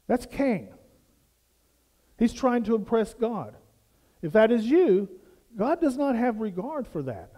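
A man's voice: very high-pitched, very animated, slow, long pauses, mellow, in a large hall. A man preaching a sermon as pastor, building emphasis through repeated questions and phrases. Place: church sanctuary.

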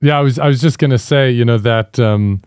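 A man hosting a podcast interview who speaks thoughtfully and haltingly, with frequent fillers. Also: medium pitch, a little mellow, clear, resonant tone, no room sound, clean studio sound. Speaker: podcast host.

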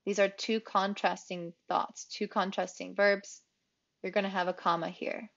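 A woman English teacher explaining grammar rules in a clear, explanatory way, repeating key phrases for emphasis. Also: medium pitch, level tone, a little slow, a bit bright, lo-fi sound. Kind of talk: grammar lesson.

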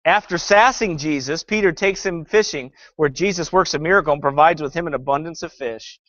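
A man preaching with fervor and biting sarcasm, a pastor taking apart a film's message line by line. His voice sits a little high for a man. The sound is dry and somewhat dull, as if recorded on modest gear in a dead room. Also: a little fast, fairly bright tone, no room sound. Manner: sarcastic, fervent preaching with scripture reading. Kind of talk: sermon critiquing a film.

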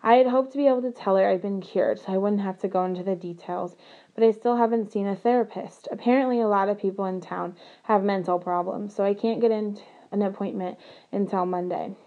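A woman reading a novel aloud in first person, with earnest, steady storytelling. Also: mid-range voice, a little fast, dull audio. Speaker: audiobook narrator.

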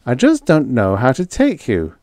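A man's voice: medium pitch, huge pitch swings, normal speed, a little mellow, no room sound, voice pushed up. A man voicing a glib young TV producer who talks in an airy, wisecracking way. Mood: breezy.

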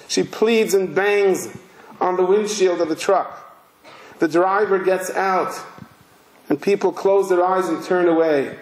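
A male rabbi giving a sermon, telling a story slowly and emphatically. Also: sits high. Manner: slow, emphatic, vivid narration. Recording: roomy hall echo.

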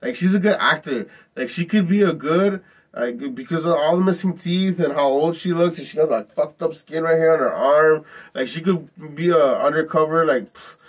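Brief: male vlog host, higher-pitched voice, rambling and profane storytelling. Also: moderate pace, far from the mic. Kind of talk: casual storytelling.

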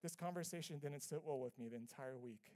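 A man preaching a sermon as pastor, telling a personal story with earnest, conversational delivery, swinging between soft and loud passages. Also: a little high, brisk. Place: church sanctuary.

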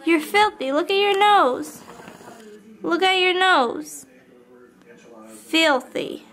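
A woman's voice: extremely high pitch, takes it slowly, a bit bright. A young woman vlogging casually, cooing to her puppy in a sing-song voice. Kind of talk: casual vlog chat.

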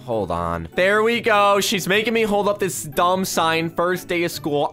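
A man narrating his own game role-play, excitable and stammering over repeated words. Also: fairly high pitch, measured pace, few pauses. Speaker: game video creator.

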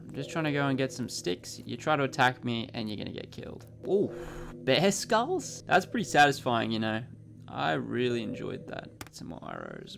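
A young man giving excitable, sweary let's-play commentary, quick to panic. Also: mid-range voice, gravelly, noisy background. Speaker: gaming YouTuber.

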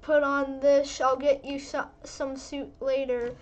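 A woman's voice: high-pitched, flat delivery, slow, a little mellow. A woman voicing a bossy male pirate fox who says "yar" constantly while giving orders. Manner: pirate "yar" in nearly every line.

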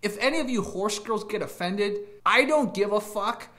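A man talks straight to his camera in a loose, rambling rant, and his pitch swings widely as he chases one tangent after another. He laughs at his own jokes and throws in crude asides. His voice bounces around a roomy, echoey space. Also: expressive, moderate pace, sharp tone. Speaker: YouTube channel host.

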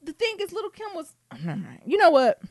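Animated woman co-hosting a chat podcast. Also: very high-pitched, fast, dry recording, clean studio sound. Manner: animated, laughing, breaks into song. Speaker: podcast co-host. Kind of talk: casual chat.

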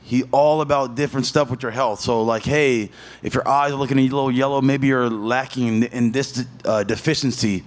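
A man in his thirties, a fighter at a media day interview, telling stories in a loose, profane way with lively voiced asides. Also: medium pitch, moderate pace.

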